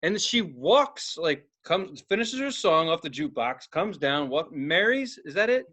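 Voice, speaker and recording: A man's voice: on the high side, very animated, unhurried, pushed and bright. A man on a podcast telling a rowdy story in casual chat, swearing freely and acting out the voices in his quotes. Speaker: podcast co-host.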